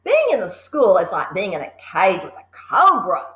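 A woman voicing a clever young schoolgirl, speaking calmly and plainly. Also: lowish voice, moderate pace, echoey room. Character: clever, calm little schoolgirl.

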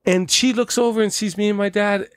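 A man from Canada, a podcast guest, telling stories in casual chat, swearing and animated. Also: high voice, fairly quick, no echo, clean studio sound. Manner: profane, animated storyteller.

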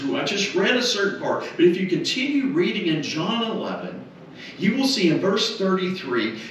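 A man preaching at a funeral in a slow, deliberate cadence, his lively, rising-and-falling voice leaning on repeated words before sinking into soft low tones. He sounds fairly high for a man. He is picked up from far off in a very echoey chapel with faint room noise. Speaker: minister. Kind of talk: funeral sermon. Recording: very echoey chapel, heard from afar.

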